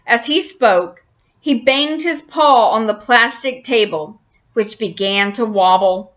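A woman reading a children's chapter book aloud in an expressive storyteller's manner. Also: on the high side. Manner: slow, expressive.

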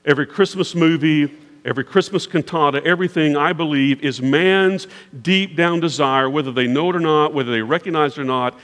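A man's voice: a little high, fairly quick, fairly bright tone. A man preaching a sermon as pastor, with an emphatic, repetitive preaching cadence. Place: large church sanctuary. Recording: long church reverb.

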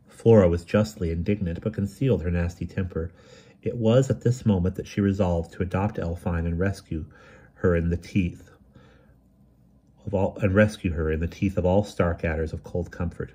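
Husky low-voiced male reader. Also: fairly even intonation, normal speed, warm tone. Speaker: audiobook reader. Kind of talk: reading a novel aloud.

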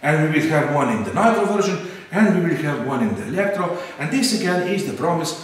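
A man with a Slovenian accent hosting an RC hobby channel, talking in a casual, excitable way and often repeating words. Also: a little high, fast talker, distant mic. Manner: excitable, animated, repeats words, non-native phrasing. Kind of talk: casual unboxing chat. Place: indoor workshop. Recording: echoey room, off-mic, faint noise.

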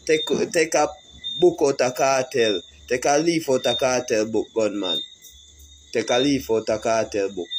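A man's voice: mid-range voice, slight background noise, low-quality recording. A man with a Jamaican accent delivering a heated, repetitive social media rant that calls out a fellow artist.

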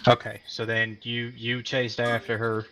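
A man playing a patient frontier lawman in a western role-play game, calmly and methodically taking a witness statement. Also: mid-range voice, measured pace. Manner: calm, methodical questioning.

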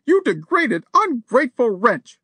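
A man voicing a haughty, indignant society woman in an audiobook, shrill and imperious. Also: sing-song, measured pace, sharp tone, no room sound, full character voice. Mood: furious. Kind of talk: audiobook character voice.

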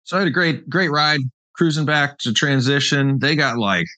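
A man's voice: a little high, moderate pace, pushed and bright, dry recording. A man hosting a casual chat, telling rambling stories and laughing often. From British Columbia, Canada. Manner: laid-back rambling storyteller, laughs often. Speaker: show host.

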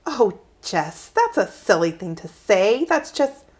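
A woman voicing a gentle, loving mother who speaks softly and soothingly. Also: mid-range voice, very animated, takes it slowly. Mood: tender. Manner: soft, soothing, comforting.

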